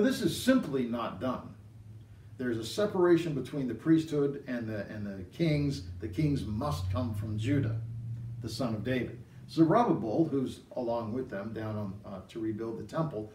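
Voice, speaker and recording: A middle-aged man teaching from the Bible, telling stories in an animated way and rising to excited emphasis. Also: medium pitch. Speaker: preacher. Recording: roomy, distant mic.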